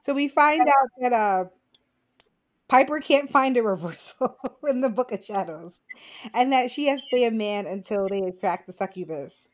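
A woman's voice: fairly high pitch, animated, normal speed. Playful, frank woman recapping TV. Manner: playful, frank, laughing storyteller. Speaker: podcast co-host. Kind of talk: casual TV episode recap.

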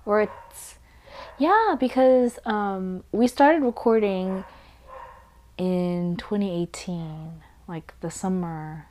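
A young woman hosting a casual podcast, congested, rambling and correcting herself, often dropping to quiet asides. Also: mid-range voice, measured pace, a little hiss or hum. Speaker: podcast host. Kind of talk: casual chat recap.

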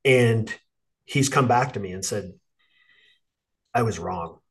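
A man's voice: on the low side, takes it slowly, a bit bright, husky. A man hosting a podcast and coaching dads, speaking earnestly and encouragingly in casual chat. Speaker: podcast host and dads' coach.

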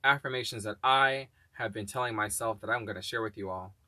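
A man hosting his own podcast, speaking in an upbeat, encouraging way and slowing down to read affirmations. His slightly low voice has a bright, forceful edge. The sound is dry and close, with no room echo. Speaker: podcast host. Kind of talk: casual solo podcast talk with spoken affirmations.

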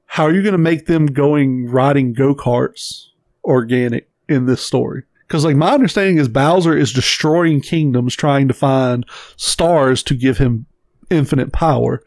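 A man's voice: medium pitch, darkish tone, no echo. A man co-hosting a podcast in casual chat, blunt and emphatic, swearing freely. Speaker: podcast co-host.

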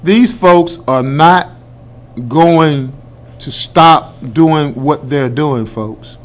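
Speaking very slowly in a voice on the high side, this radio host offers emphatic political commentary in plain, colloquial terms. He calls his listeners folks and builds to loud pronouncements.

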